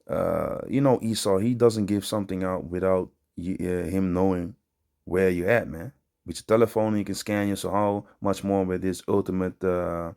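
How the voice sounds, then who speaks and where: Man preaching informally, very low voice, street slang, rambling with fillers. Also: warm tone. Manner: rambling with many fillers and restarts. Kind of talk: informal religious teaching.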